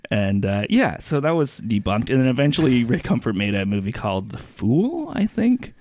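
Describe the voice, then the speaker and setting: A man co-hosting a podcast, telling stories loosely with a laugh and quick impressions. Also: mid-range voice, big pitch swings, darkish tone, no room sound. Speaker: podcast co-host. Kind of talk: casual chat. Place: Toronto area.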